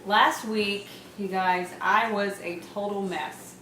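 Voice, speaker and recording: A woman in her thirties talks through a casual home vlog at an ordinary pitch. She rambles, laughs often and leans on fillers. The room sounds echoey, with a faint hum behind her. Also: fairly even intonation, takes it slowly, fairly bright tone. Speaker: vlogger. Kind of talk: casual pregnancy update vlog.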